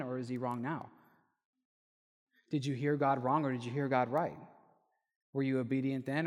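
A young man preaching a sermon, telling a personal story and lively when he quotes others. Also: medium pitch. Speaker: pastor. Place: church hall. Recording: echoey hall with long reverb.

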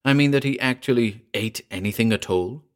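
A man reading aloud, voicing a puzzled young man who tries to sound calm and reassuring. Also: mid-range voice, a little fast, close to an everyday voice. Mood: coaxing. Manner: uneasy, forced reassurance.

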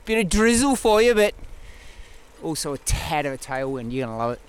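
A man chatting cheerfully as a riding companion, relaxed and encouraging. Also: a little high, fairly quick, clean tone. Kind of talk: casual chat while cycling.

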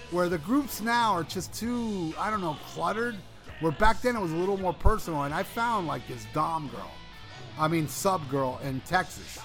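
A man with a slightly high voice rambles through a crude anecdote in loose, filler-heavy casual talk. Music plays clearly behind him. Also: fairly bright tone. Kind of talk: casual chat.

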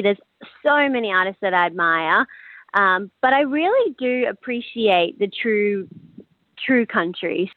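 A woman's voice: mid-range voice, dry recording. A young Australian woman, a singer-songwriter, chatting as a guest in a radio interview over the phone, laughing often. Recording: dry tinny phone line.

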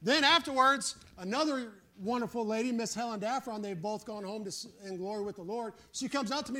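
A man preaching with fervor and folksy plain speech. His voice sits unusually high and rings out bright and forceful. He drives his points home and calls on the room for agreement. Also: a little fast, few pauses. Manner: fervent, emphatic preaching with calls for "Amen"; folksy, plain-spoken storytelling. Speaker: pastor. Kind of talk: sermon.

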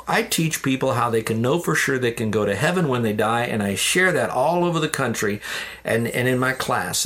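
A man's voice: mid-range voice, vocal fry, a bit bright. Earnest man telling a faith story. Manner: earnest, addresses listeners as "dear ones". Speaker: ministry leader telling his testimony. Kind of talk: personal storytelling in an interview.

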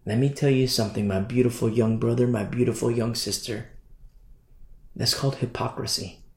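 A man's voice: steady tone, normal speed, creaky, darkish tone. Impassioned male preacher, echoey room. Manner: repetitive, impassioned, sweeping pitch swings. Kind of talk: sermon.

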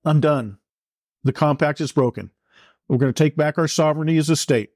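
Male commentator, impassioned and repetitive, slightly raised pitch, dry booth. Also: a little fast, a little mellow, no echo. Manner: fervent, repetitive, preacher-like cadence. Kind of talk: impassioned political monologue.

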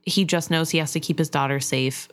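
Lower-voiced woman discussing a book. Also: steady tone, brisk. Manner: thoughtful, sympathetic, hedging.

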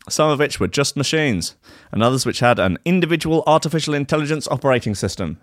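A man hosts a comedy podcast, ridiculing a news story with heavy swearing and sarcasm. His voice sits at an ordinary middle pitch, and he is recorded close and dry. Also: a bit bright, no echo. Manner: profane, sarcastic, laughing at his own jokes.

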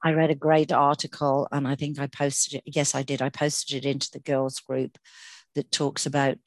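A woman's voice: very deep voice, level tone, moderate pace. A woman co-hosting a podcast, talking in an earnest, chatty way with many fillers and restarts. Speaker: podcast co-host. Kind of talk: casual podcast chat.

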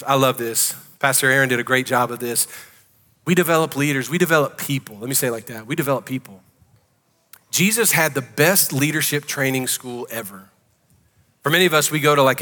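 A man's voice: medium pitch, bright, forceful tone, in a large hall. A man preaching a sermon as pastor, emphatic and conversational, asking the congregation questions. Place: church sanctuary.

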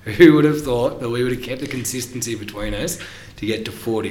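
A man's voice: mid-range voice, a little fast, a little mellow. A man co-hosting a business podcast, chatting in an upbeat way with plenty of fillers. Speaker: podcast co-host. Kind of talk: casual business podcast chat. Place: studio room. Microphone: desk microphone. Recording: echoey room, faint hiss.

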